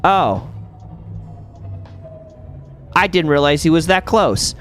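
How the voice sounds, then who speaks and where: A man streaming and chatting casually while playing a video game, rambling with lots of fillers and bursting out in sudden excitement. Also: a little high, slow, loud music behind the voice. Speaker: streamer and host.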